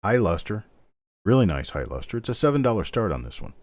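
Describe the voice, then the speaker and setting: A man's voice: lowish voice, very animated, fast, darkish tone, no room sound. A middle-aged man hosting a live online coin auction, calling bids steadily and chatting between lots. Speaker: auctioneer host.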